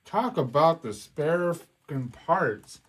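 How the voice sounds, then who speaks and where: A man's voice: a little high, expressive, slow, fairly bright tone, slightly rough. Casual, cursing man building a kit. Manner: casual and profane, with many fillers. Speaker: hobby vlogger.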